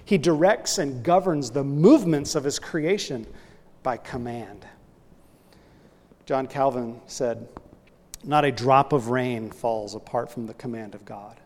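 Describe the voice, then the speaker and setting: A male pastor preaching an earnest sermon, his voice swelling loud on key points and then dropping low. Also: measured pace. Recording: long hall reverb.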